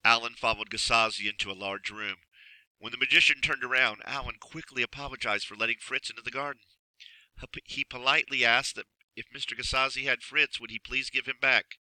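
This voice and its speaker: A man narrating a children's storybook in an expressive, measured way. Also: mid-range voice, dry recording, low-quality recording. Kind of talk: storybook reading.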